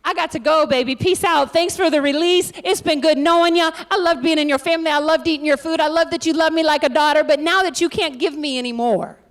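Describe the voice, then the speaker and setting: A woman's voice: high voice, fairly even intonation, fast, hardly any pauses, close to an everyday voice. Woman putting on a sassy young woman brushing people off. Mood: breezy, dismissive. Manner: sassy, offhand. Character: flippant young woman walking away breezily.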